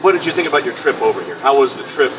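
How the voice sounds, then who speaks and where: A man's voice: medium pitch, very animated, very fast, crowd noise. A man hosting a casual podcast interview, joking and rambling. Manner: jokey, rambling. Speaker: podcast host. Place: outdoors in a city, trains nearby. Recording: distant mic, clear street noise.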